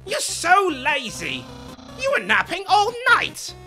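A woman's voice: extremely high pitch, huge pitch swings, slow, pushed and bright, full character voice. A woman voicing a boastful, theatrical male skeleton who loves puzzles, with grand, exclaiming delivery over game music. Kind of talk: live fan voice-over of a game.

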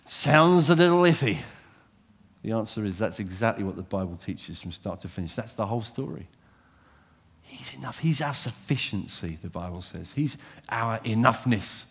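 A man preaching a sermon, animated and direct, asking his listeners questions and swinging from loud emphasis to quiet intensity. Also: fairly low pitch, normal speed, gravelly, breathy edge.

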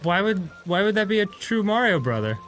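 A man's voice: sits high, sing-song, a little fast, a bit bright. A man co-hosting a let's play, cracking crude jokes and laughing often. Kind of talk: casual gameplay commentary.

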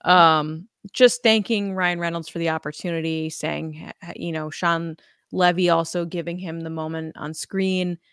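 A woman's voice: on the low side, fairly even intonation, moderate pace, a bit bright, smooth, no echo, clean studio sound. Chatty woman podcast co-host. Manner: chatty, laughs often, many ums. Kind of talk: casual chat.

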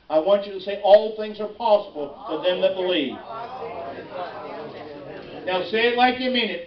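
A man preaching from the pulpit with fervent, pleading passion, his voice pitched unusually high. The sound is taken from some distance in a church sanctuary, echoing around the room and slightly dull and muffled. It has the feel of a live service recording. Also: normal speed. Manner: impassioned preaching, voice climbing high when pleading in prayer. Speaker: pastor. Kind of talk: sermon.

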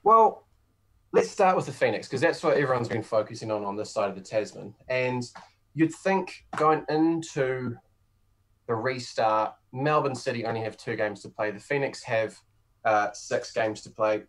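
A man's voice: medium pitch, expressive. Laughing New Zealand man, podcast co-host. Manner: laughs often, quick restarts. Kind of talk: casual sports chat.

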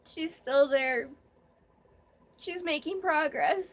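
A woman's voice: a little high, a little slow. A young woman vlogger talking candidly in a rambling, emotional way during her first live stream. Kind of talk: casual live-stream chat.

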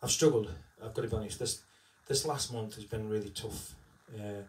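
A tribute entertainer chats on a live stream, heartfelt and rambling, with plenty of fillers. His lowish voice has fairly even intonation and a normal pace, and it sounds reverberant and far from the mic.

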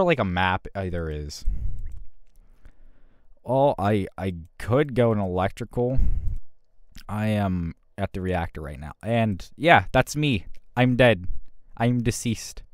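A young man giving profane gameplay commentary from home on a close desk mic, trash-talking and swinging between mutters and loud outbursts. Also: on the low side, animated, slow pace, dry recording. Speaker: gaming channel host.

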